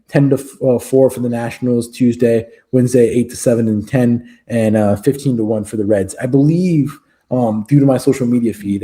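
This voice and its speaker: A man's voice: mid-range voice, mellow. A man co-hosting a sports podcast in casual chat, joking and rambling with fillers. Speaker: podcast co-host.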